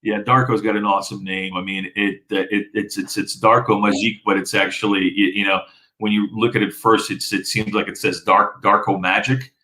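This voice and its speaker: A man from the former Soviet Union, Russian his first language, talks in a relaxed, rambling way. His voice sits on the low side. He stops and restarts often and fills gaps with "you know". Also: moderate pace, rough recording. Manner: rambling, many fillers and restarts. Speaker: interviewee. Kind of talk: casual conversation.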